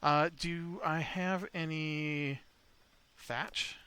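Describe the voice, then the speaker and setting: A man's voice: a little high, fairly even intonation, extremely slow, bright, forceful tone, clear, resonant tone. A man rambling through casual gameplay commentary as a video host, chatting to his in-game pet dinosaur.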